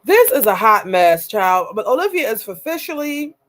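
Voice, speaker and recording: A woman's voice: on the high side, sing-song, moderate pace. A woman hosting a reaction video, chatty and exasperated as she comments and reads viewer comments aloud. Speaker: reaction channel host.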